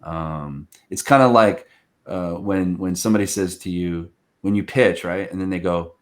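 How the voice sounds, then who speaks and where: A man hosting a podcast interview, telling stories in an animated way and acting out what people said. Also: sits low, normal speed. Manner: animated storyteller, acts out quoted speech. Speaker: podcast host. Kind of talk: casual interview chat.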